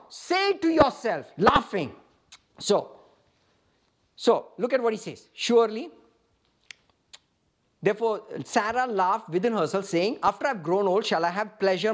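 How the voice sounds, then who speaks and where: A man preaching a sermon, reading scripture and questioning his listeners with emphatic, rising delivery. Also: high-pitched. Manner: emphatic, rising to shouts, asks the audience questions.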